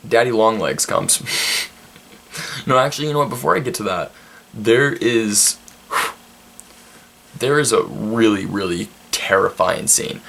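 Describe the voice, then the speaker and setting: A man's voice: on the low side, lively intonation, measured pace, gravelly, long pauses, fairly bright tone. A man in his twenties casually recapping a movie with profane, rambling humor and frequent laughs. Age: 20s. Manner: rambling, profane, laughs often, many restarts. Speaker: vlog host reviewing a movie.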